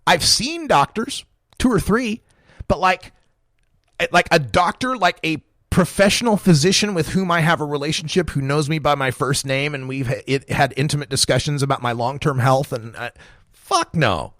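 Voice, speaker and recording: A man's voice: on the high side, moderate pace, fairly bright tone, no echo, clean studio sound. A man in his forties hosting a talk radio show, ranting with impassioned, profane energy and frequent chuckles. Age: 40s.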